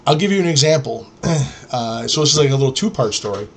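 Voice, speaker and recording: A middle-aged man from New York hosts a podcast, telling stories casually. He is blunt and profane, and he rambles. His voice sits at an ordinary middle pitch. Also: animated, fast. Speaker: podcast host. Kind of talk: casual storytelling.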